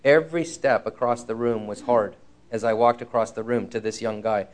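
A man preaching a sermon, telling a personal story in an earnest, frank way, slowing down to stress key lines. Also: lowish voice, fairly even intonation.

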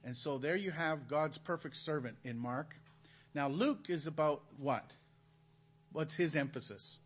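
In a church hall, a man preaches from the Gospels in a conversational style, asking his listeners questions as he teaches. His voice runs on the high side and he speaks a little slowly.

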